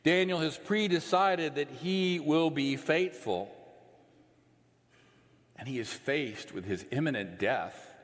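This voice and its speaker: A man preaches in a slow, unhurried sermon, his voice sitting a little high for a man. He speaks earnestly and lets phrase endings fall away into a low, soft hush. A long reverb from a large church sanctuary trails after every line.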